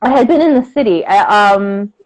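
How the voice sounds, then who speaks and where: A woman co-hosting a casual chat, telling a story in an animated way and acting out the people in it, with plenty of fillers. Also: medium pitch, moderate pace, poor audio. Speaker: co-host.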